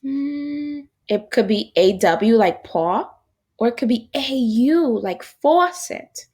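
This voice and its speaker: A woman teaching a recorded phonics lesson to young children, animated and encouraging, speaking to an unseen class. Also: a little high, slow, breathy edge.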